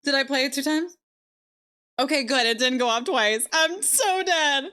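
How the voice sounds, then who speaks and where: A woman's voice: sits high, moderate pace, bright, forceful tone. A woman live-streaming, chatting casually with her viewers and laughing often. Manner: giggly, bubbly, laughs often.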